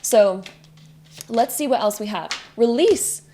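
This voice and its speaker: A young woman talks through a spiritual card reading in a relaxed, mellow voice. She chats freely, fills her talk with little fillers and restarts, and laughs at her own habit of over-explaining. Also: a little high, takes it slowly, slight background noise. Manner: chatty, laughs at herself, over-explains with many likes. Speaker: tarot reader.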